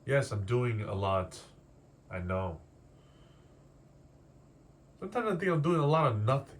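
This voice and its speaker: This twenty-something artist vlogger talks openly to camera in a confessional style, meandering and unsure of himself, dropping casual curses while working through emotions. He has a medium-pitched, sing-song voice at a measured pace, with faint noise in the background.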